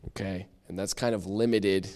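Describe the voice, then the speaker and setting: A man leads a church Bible study in a casual, talkative way. His voice sits on the lower side, and he laughs at himself and restarts sentences as he goes. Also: steady tone, moderate pace, a little mellow. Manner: chatty and self-deprecating, with frequent restarts.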